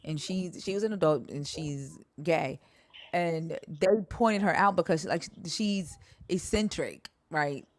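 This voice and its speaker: A woman's voice: low-pitched, slow. A woman in casual conversation, telling a story with lots of swearing and acted-out quotes. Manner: animated storyteller, swears freely, acts out quotes. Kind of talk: casual conversation about church experiences.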